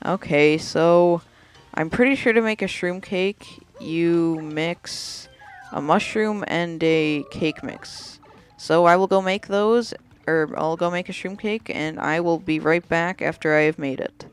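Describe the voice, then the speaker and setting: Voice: mid-range voice, slow pace, clear, resonant tone, faint music behind. A let's player chatting offhand while commenting on a video game.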